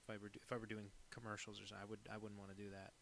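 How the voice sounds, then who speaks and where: A man's voice: fairly low pitch, monotone, rapid-fire, fairly bright tone, a little hiss or hum. A man cartoonist chatting casually while he draws live, rambling and joking with plenty of swearing. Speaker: cartoonist streaming live drawing. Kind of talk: casual chat.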